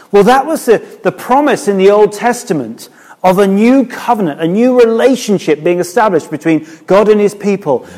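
A man's voice: high-pitched, a little mellow. A middle-aged man preaching a sermon in a conversational way, often asking the listeners rhetorical questions.

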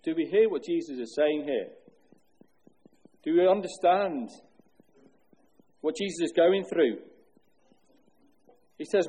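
A man preaching an earnest sermon from the pulpit, with a husky, mellow voice that sits a little high. He asks the congregation questions and sinks low and slow on solemn words. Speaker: pastor.

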